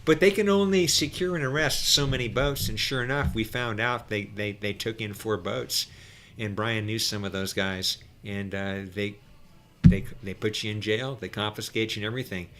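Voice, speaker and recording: Excitable, bright-voiced middle-aged man telling stories. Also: fairly low pitch, moderate pace, a little hiss or hum. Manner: acts out quotes, swings from hushed to loud; profane, excitable. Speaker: podcast guest. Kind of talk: animated storytelling.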